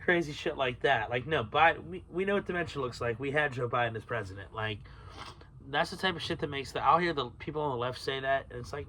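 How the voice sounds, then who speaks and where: Guy ranting solo on his podcast, bright edgy voice, swears a lot, rambles, faint hum behind. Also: mid-range voice, quick pace. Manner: rambling, swears freely, laughs at own tangents. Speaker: podcast host.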